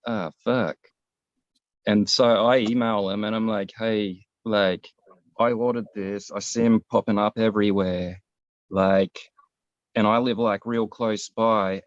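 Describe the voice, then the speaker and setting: A man's voice: fairly low pitch, no echo. A man, co-hosting a casual show and telling a long, rambling, profane story. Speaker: podcast co-host. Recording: dull, lo-fi, dry sound.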